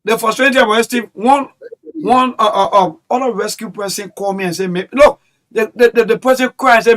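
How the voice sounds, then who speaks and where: A man's voice: sits high, a little fast, fairly bright tone. A man chatting about politics, hesitant and stammering, often pleading. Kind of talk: casual political chat.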